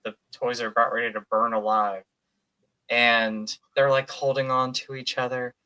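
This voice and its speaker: Bright-voiced animated young man chatting. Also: medium pitch, moderate pace, clear, resonant tone. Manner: animated, laughs often, acts out his own reactions. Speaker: podcast co-host. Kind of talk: casual chat.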